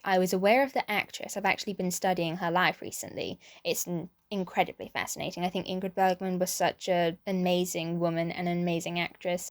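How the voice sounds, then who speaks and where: A young British woman chatting casually as a film vlogger, thinking aloud with small restarts and hedges. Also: mid-range voice. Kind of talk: casual chat, film review.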